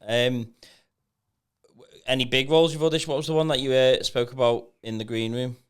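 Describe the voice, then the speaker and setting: A man's voice: medium pitch, steady tone, a little fast, smooth. A man co-hosting a podcast, tossing short teasing prompts at his guest. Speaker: podcast co-host. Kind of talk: casual podcast chat.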